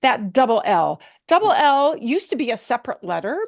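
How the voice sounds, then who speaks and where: A woman's voice: a little high, very animated, normal speed, vocal fry, studio quality. A woman teaching a beginner language class, patiently repeating words for students to echo and checking in with "okay?". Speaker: Spanish teacher.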